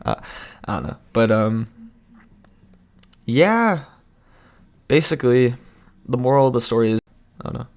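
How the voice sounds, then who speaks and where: A man's voice: medium pitch, animated, measured pace, pauses often, darkish tone. Rambling young man telling a storytime. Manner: rambling, self-interrupting, laughs often. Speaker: vlogger. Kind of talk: casual storytime vlog.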